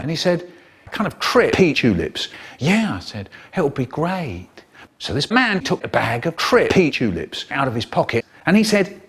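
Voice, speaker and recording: Animated older male storyteller, lively pitch. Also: breathy edge. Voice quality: expressive, voices the characters with big pitch jumps. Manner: animated, theatrical, drawn-out words for effect. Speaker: storyteller in a spliced comedy edit. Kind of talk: children's story reading, cut and spliced.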